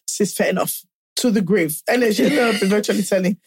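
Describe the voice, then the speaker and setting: A woman's voice: medium pitch, quick pace, breathy edge, dry recording. A woman co-hosting a podcast, talking animatedly and joking in casual chat. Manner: animated, exclaims and jokes. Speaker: podcast co-host.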